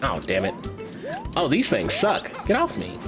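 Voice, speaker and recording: A man streams a game over game music, chatting casually with viewers in a medium-pitched voice that swoops wildly and moves a little slowly. He laughs a lot and swears freely.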